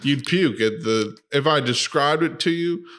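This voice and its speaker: A man's voice: fairly high pitch, expressive, unhurried, a bit bright. A young man co-hosting a podcast in casual chat, rambling with lots of "like" and crude jokes. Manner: rambling, crude joking, many "like" fillers. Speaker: podcast co-host.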